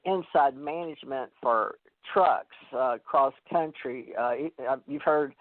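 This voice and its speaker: A man's voice: mid-range voice, dry recording. A man hosting a call-in radio show, talking in a rambling way with many fillers and restarts. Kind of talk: casual call-in chat. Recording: tinny phone line.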